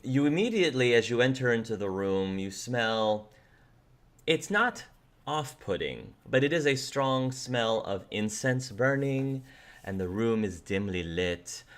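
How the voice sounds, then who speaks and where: A man's voice: mid-range voice, lively intonation, a little slow. A man acting as game master, narrating scenes loosely and descriptively, with frequent restarts.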